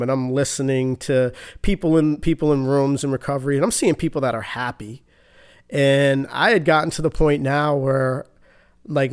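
A man giving an earnest, halting personal recovery testimony, often restarting his sentences. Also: mid-range voice, clear, resonant tone. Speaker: speaker sharing his recovery story.

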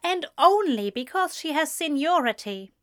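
A woman's voice: high-pitched, expressive, unhurried, a bit bright, pitched above the performer's own voice. A woman reading an audiobook, voicing a fussy, dry-witted male teacher with a prim, teasing manner. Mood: wry teasing.

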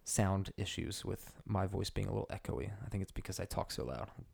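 A man's voice: sits low, brisk, vocal fry, a little mellow, breathy edge. A male podcast co-host talking in a casual, loose way, with many "you know"s. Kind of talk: casual chat.

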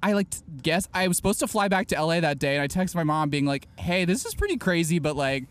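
A man in his forties with a notably high voice tells a story in loose, chatty fashion. He laughs often and slips into other people's voices as he goes. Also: big pitch swings, fast talker. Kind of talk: casual storytelling chat.

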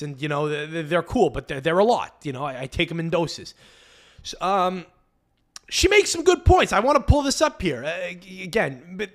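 A man's voice: high voice, a bit bright. A man hosting a podcast, riffing in casual commentary on video clips with a profane, mocking manner. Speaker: podcast host.

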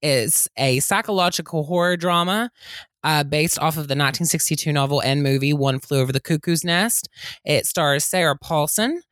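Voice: medium pitch, normal speed, a bit bright, no echo, clean studio sound. A podcast co-host in casual chat, bubbly and enthusiastic, often breaking into giggles.

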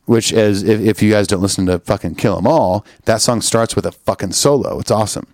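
A man's voice: on the low side, a little fast, darkish tone. A man in his late thirties co-hosting a podcast, tired and punchy, joking loosely and reading listener emails with plenty of swearing. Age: 30s. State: sleep-deprived, punchy. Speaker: podcast co-host. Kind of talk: casual podcast banter.

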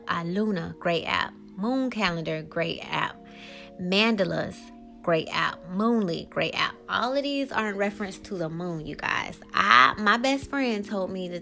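A woman's voice: mid-range voice, gravelly. A woman, hosting her own podcast in a casual monologue that turns heated as she vents. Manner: animated, rising to heated venting. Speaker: podcast host.

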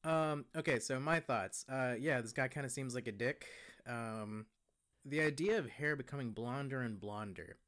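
Podcast co-host, young man, mid-pitched, relaxed, meandering and trailing off mid-thought. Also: moderate pace. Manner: easygoing, rambling, trails off. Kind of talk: casual podcast chat.

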